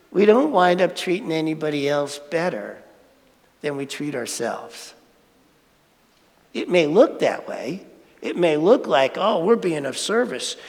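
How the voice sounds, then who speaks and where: A man in his sixties giving a sermon-style talk with animated, self-mocking storytelling. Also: fairly high pitch, gravelly. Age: 60s. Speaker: speaker at a spiritual centre. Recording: hall reverb.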